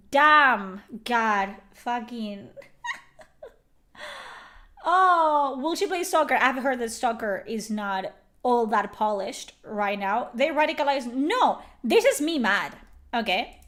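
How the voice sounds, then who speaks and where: High-voiced woman venting angrily. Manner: profane, sarcastic, loud venting. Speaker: streamer. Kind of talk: angry livestream rant.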